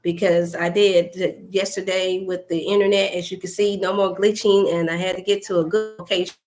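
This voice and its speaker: A woman's voice: lowish voice, level tone, fairly quick. A woman hosting a casual wellness livestream, talking chattily and directly to her viewers. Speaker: wellness coach and host.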